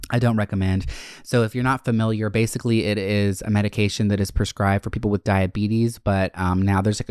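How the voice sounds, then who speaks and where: A young man hosting a podcast, answering listener questions in a chatty, expressive way and swearing casually. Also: fairly low pitch, smooth, no room sound, studio quality. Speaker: podcast host. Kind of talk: casual Q&A chat.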